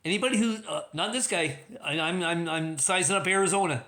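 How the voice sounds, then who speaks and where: Guy rambling on his stream, bright sharp voice, keeps restarting, chuckles at his own jokes. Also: fairly high pitch, fairly even intonation, normal speed. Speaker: livestream host. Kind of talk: rambling casual commentary.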